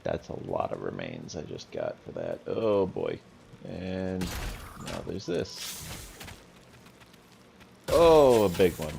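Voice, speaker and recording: A man's voice: rumbling low, huge pitch swings, measured pace, creaky, background noise. A man giving chatty let's-play commentary, talking the viewer through a game and teasing the enemies aloud. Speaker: gameplay commentator.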